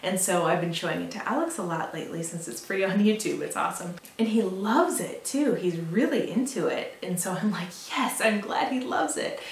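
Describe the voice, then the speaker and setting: A woman's voice: on the low side, brisk, hardly any pauses, a little hiss or hum. A young adult woman vlogging in casual chat, talking freely with many fillers and laughs. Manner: chatty, lots of fillers and laughs. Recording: roomy echo, mic at a distance.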